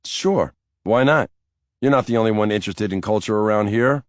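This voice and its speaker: A man's voice: fairly low pitch, moderate pace, dry recording, lightly acted. A man voicing a weary middle-aged detective who cracks dry jokes. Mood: deadpan. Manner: dry, wisecracking.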